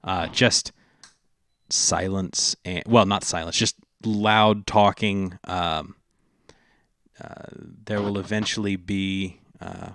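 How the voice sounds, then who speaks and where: A man narrating a tabletop game as dungeon master, slow and halting with many fillers. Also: sits low, steady tone, vocal fry, fairly bright tone, no room sound, clean studio sound.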